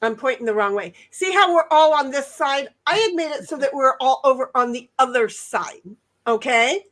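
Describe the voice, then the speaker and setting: A woman with a notably high voice tells rambling stories to her co-host and chat. She keeps restarting her sentences, giggling along the way in easygoing livestream banter. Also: expressive, moderate pace, fairly bright tone. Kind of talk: casual chat.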